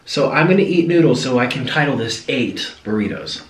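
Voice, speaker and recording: A man's voice: medium pitch, animated, fairly quick, reverberant, distant mic. A young man from the United States, chatting casually and rambling animatedly while eating on camera. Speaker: vlogger. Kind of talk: casual mukbang chat.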